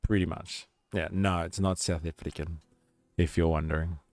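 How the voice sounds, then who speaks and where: Low gravelly Australian guy. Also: flat delivery, normal speed, darkish tone, no room sound. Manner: rambling, reads chat aloud. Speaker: live streamer. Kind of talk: casual stream chat.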